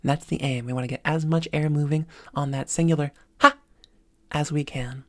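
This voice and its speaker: A woman's voice: low voice, steady tone, moderate pace, darkish tone, dry recording. A woman voice coach talking at a desk microphone, explaining exercises step by step in an upbeat way. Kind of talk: spoken voice lesson.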